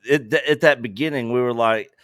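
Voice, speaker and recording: A man co-hosting a casual review chat, slow and hesitant with many fillers. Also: medium pitch, fairly bright tone, no room sound, clean studio sound. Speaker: co-host of a TV review show.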